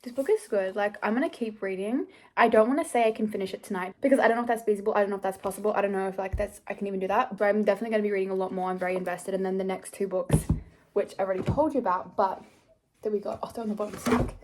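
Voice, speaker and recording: Young woman, casual chatty vlog, rapid talk, rambling, medium pitch. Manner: chatty, rambling, filler-heavy, excitable. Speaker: book vlogger.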